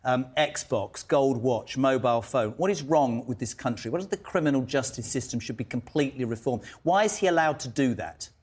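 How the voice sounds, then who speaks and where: A man presenting a studio talk show, blunt and mocking with quick outbursts. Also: mid-range voice, animated, a little mellow, slightly rough. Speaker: stand-in TV presenter. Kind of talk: brash opinionated studio chat.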